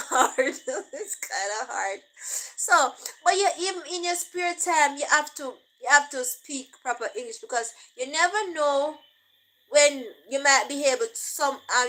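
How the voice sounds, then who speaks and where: A woman's voice: sits high, a bit bright, low-quality recording. A woman with a Jamaican accent talking casually, slipping between English and patois and often laughing. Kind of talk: casual monologue.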